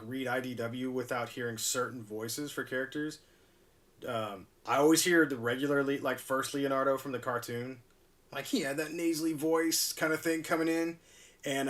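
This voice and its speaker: A man's voice: mid-range voice, steady tone, normal speed, fairly bright tone, distant mic. A man hosting a live stream, chatting casually and chuckling as he repairs a toy at his workbench. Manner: rambling, laid-back, chuckles often.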